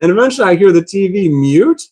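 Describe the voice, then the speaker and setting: Rambling man with a high voice. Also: big pitch swings, fast, darkish tone. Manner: rambling, repeats himself, swears. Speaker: vlogger. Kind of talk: casual storytelling.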